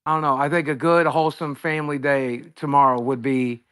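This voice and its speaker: A man's voice: on the high side, little pitch movement, brisk, a bit bright, smooth, no room sound, clean studio sound. A man calling into a livestream, talking in a rambling, blunt, profane way. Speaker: streamer calling in. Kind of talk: casual livestream chat.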